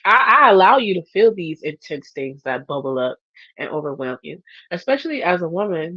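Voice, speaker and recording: Lively woman podcast host, lo-fi sound. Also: lowish voice, normal speed, no room sound. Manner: animated, acts out her inner voices. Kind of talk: casual faith talk. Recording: dull, lo-fi sound.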